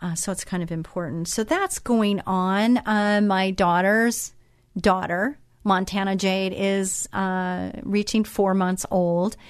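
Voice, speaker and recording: A woman's voice: mid-range voice, steady tone, takes it slowly, clear, resonant tone, no room sound. Middle-aged lady host just chatting, motherly, lots of uhs, dry close sound. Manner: chatty, motherly, with many fillers and restarts. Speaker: radio show host. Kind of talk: casual chat.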